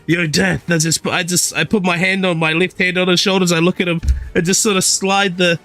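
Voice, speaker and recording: Bright, eager male player. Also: high-pitched, brisk, dry recording, faint music behind. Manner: laughing, animated, describes his moves with relish. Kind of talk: casual tabletop play.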